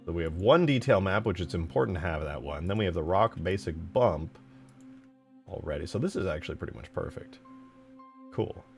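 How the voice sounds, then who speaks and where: A man's voice: low-pitched, expressive, a little fast, creaky, faint music behind. A young man casually streaming while modding a game map, rambling and swearing in slangy talk.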